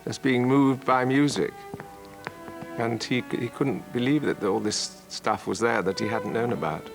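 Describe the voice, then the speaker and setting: An older man reminiscing about an old friend in an interview, halting and repeating words, chuckling between phrases. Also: mid-range voice, vocal fry, music in the background. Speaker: actor recalling an old friend.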